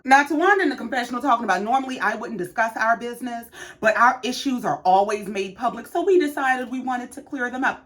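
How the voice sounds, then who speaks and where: Woman, sassy TV recap host, lively up-and-down pitch, fairly high voice, casual. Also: quick pace. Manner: sassy, animated, talks back to the people on the show.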